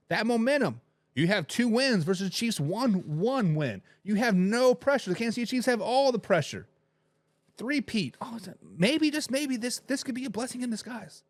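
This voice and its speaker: A man's voice: fairly high pitch, no echo. A man hosting a sports talk show, chatting animatedly and rambling while addressing viewers directly. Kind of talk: casual sports commentary.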